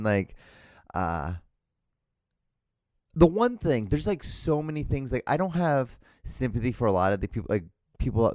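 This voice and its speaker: A man's voice: on the low side, a little mellow, no room sound, clean studio sound. A man hosting a solo podcast, rambling casually with lots of swearing, restarts and self-mocking laughs. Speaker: podcast host.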